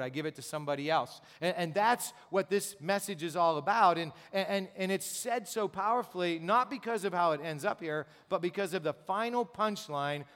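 In a church sanctuary with long reverb, a pastor with a slightly high, smooth, fairly bright voice preaches a sermon. He talks conversationally, using rhetorical questions and repeated words.

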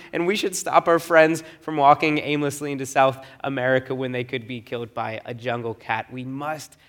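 A young adult man giving a sermon, telling a personal story in an animated, self-deprecating way. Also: a little high. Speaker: pastor.

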